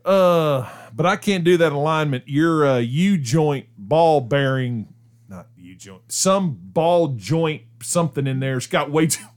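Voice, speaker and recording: A man's voice: fairly high pitch, expressive, measured pace, darkish tone. A middle-aged man hosting a radio show, telling a story in casual chat and laughing as he goes. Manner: chatty, laughs through his stories.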